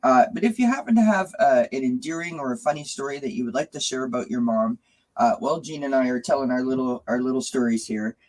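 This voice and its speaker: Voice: medium pitch, quick pace, darkish tone, low-quality recording. A host of a live stream who talks to the guest and invites viewers to share stories in the chat. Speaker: show host.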